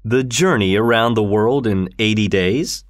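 A man doing a calm, measured Victorian gentleman. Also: dry recording, clean studio sound, close to an everyday voice. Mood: composed. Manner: low-voiced, measured, unflappable.

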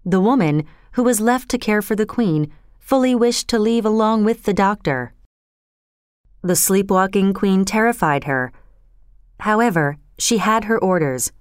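A woman narrating a story in a slow, clear, measured reading manner. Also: medium pitch, animated, dry recording, studio quality.

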